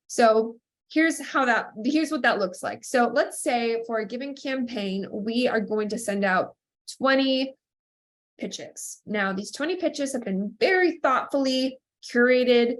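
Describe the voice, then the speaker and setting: A woman's voice: fairly high pitch, expressive, measured pace. Stuffed-up nasal woman podcast host. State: stuffed-up nose from a cold. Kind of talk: scripted intro, then casual solo talk.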